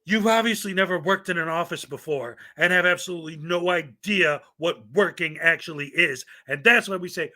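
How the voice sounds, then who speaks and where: A man's voice: a little high, normal speed, few pauses, pushed and bright. A man hosting a commentary show, ranting bluntly and with profanity. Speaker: commentary channel host.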